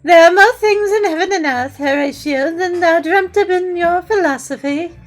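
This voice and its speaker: A woman's voice: extremely high pitch, moderate pace. A woman voicing a theatrical man who talks in flowery, old-fashioned verse. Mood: grandiose. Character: theatrical Shakespeare-quoting man, flowery and pompous.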